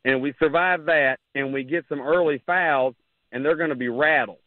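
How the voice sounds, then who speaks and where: A man's voice: a little high, normal speed, no echo. Out of breath guy calling in, rambly and fired up, phone line sound. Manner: rambling, excited fan talk. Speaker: caller. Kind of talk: casual call-in chat.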